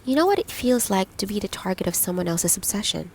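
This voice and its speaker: A woman narrator voicing a frank, caring young woman friend who speaks briskly and earnestly in an audiobook. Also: medium pitch, expressive, gravelly, a little mellow, a little hiss or hum.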